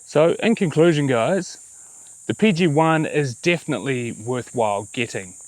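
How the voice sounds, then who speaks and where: A relaxed man with a New Zealand accent talks in an easygoing, rambling way, full of little fillers and self-corrections. His voice sits in an ordinary middle pitch. The recording is dry, with little room sound around him. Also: moderate pace, dry recording, poor audio. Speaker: vlogger. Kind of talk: casual vehicle review.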